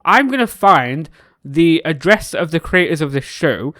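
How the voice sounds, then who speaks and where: A man hosting a reaction video, excitable, swinging between shouts and mutters as he reacts to a series. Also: on the high side, measured pace, no room sound, studio quality.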